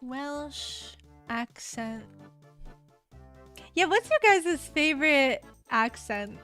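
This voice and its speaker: A woman's voice: sits high, expressive, drawn-out words, pushed and bright, soft background music. An American woman streaming, chatting casually with her viewers in a rambling way, full of fillers. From United States.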